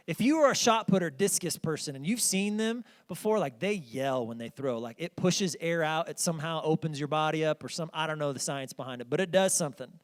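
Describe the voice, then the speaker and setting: High-voiced pastor telling a story. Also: male voice, brisk, few pauses. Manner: conversational, addresses congregation directly. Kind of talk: storytelling sermon. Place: church sanctuary.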